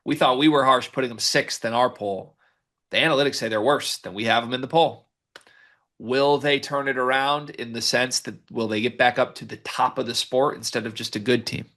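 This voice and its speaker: Guy cohosting a sports pod, bright voice, reads the stats and keeps the rundown moving. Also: mid-range voice, fairly even intonation, moderate pace. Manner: runs the segment, reads stats and sets up each question. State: hiccuping. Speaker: podcast co-host. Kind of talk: casual sports chat.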